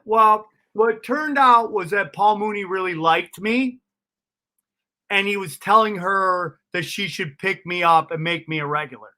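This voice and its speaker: Bright, high-voiced male comedian telling stories. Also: a little slow. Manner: animated, profane, laughs at his own stories. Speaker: comedian guest. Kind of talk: casual storytelling interview.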